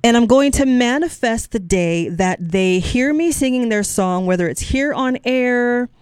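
A woman's voice: a little high, lively intonation, unhurried, darkish tone, clear, resonant tone, dry recording, studio quality. A middle-aged woman hosting a radio music show, talking casually between songs in a chatty, encouraging way that sometimes wanders off track. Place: radio studio. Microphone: studio microphone.

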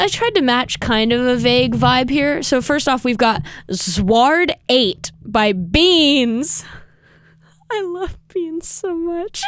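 A woman's voice: high voice, no room sound, clean studio sound. A young adult woman hosting a show, talking in a casual, rambling way with lots of tangents and self-mocking asides. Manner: chatty, tangent-prone, self-mocking, quick laughs. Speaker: radio show host.

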